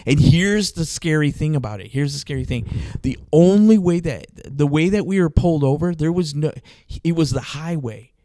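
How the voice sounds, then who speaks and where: Animated man telling a story. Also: a little high, normal speed, few pauses, slight background noise. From Arizona, US. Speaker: podcast host. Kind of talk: casual storytelling chat.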